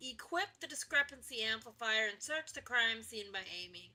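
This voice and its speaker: A woman streaming a video game with playful, goofy commentary, often dropping to whispers and then jumping to shouts. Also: a little high, expressive, normal speed. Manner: goofy, theatrical, drops to whispers and jumps to shouts.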